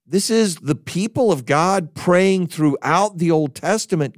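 Male pastor, expository sermon delivery, animated pitch, dry close recording. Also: unhurried, dry recording. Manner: expository, emphatic, pleading when quoting scripture.

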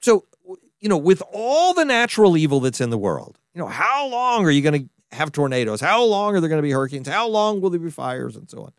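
A man delivers a sermon with a fairly high voice that swings widely in pitch. He talks conversationally, restarting sentences and adding asides as he goes. The sound is close and dry, with no room echo. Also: fairly quick. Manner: animated, conversational preaching with frequent restarts and asides. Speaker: pastor.

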